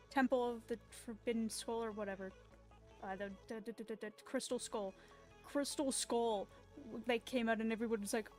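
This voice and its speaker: A woman's voice: on the high side, steady tone, normal speed, pauses often, darkish tone. A woman streamer chatting casually while she draws, rambling off on tangents. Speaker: artist streamer. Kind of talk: casual chat while drawing. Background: faint background music.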